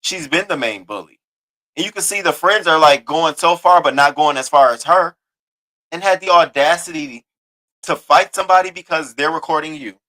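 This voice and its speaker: A man's voice: fairly high pitch, moderate pace, bright, forceful tone, poor audio. A man hosting a news commentary show, reacting bluntly and indignantly to a video in casual, profane talk. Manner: blunt, indignant, swears freely.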